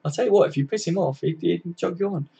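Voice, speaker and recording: Man, live-stream host, husky, casual sweary chat. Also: high voice, quick pace, mellow. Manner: chatty, sweary, reads out viewer comments. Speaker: livestream host. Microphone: computer mic, live stream.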